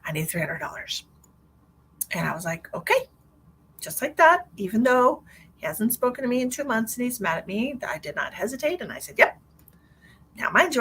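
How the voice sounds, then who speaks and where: A woman's voice: lowish voice, fairly bright tone, slight background noise. A middle-aged woman hosting a live stream as a psychic medium, chatting in a rambling, bubbly way and laughing often. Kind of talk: casual live-stream chat.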